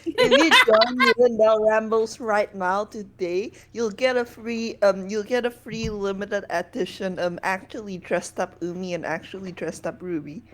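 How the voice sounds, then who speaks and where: A woman's voice: mid-range voice, moderate pace, a little hiss or hum. A woman player joking with the table in a playful, mock-advertising manner. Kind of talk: joking banter.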